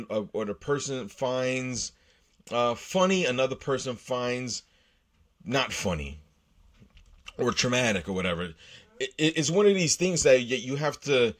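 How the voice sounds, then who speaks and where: An American man hosts his own show and talks solo in a casual, rambling monologue full of profanity, restarts and fillers. His voice sits in the mid-range and has a slightly bright quality.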